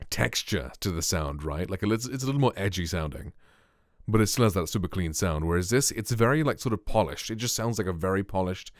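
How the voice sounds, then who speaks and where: A British man with a dark, bassy voice reviewing microphones in a casual vlog, rambling with lots of "like" and fillers. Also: dry recording, clean studio sound. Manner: rambling, filler-heavy, full of "like". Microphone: close studio microphone.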